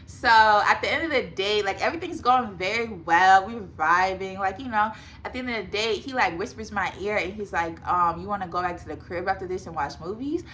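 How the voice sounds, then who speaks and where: A young woman in her twenties tells a storytime vlog in a chatty, filler-heavy way. She keeps turning to her viewers as y'all. Her voice is bright and forward over a faint background hum. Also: medium pitch. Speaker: vlogger. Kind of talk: casual storytime.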